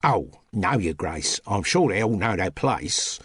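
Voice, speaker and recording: A man's voice: on the low side, animated, measured pace, fairly bright tone, slightly rough, dry recording, clean studio sound, full character voice. A man doing a cheeky Cockney housemaid. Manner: cheeky, chatty, practical. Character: cheeky young cockney housemaid, former music-hall player.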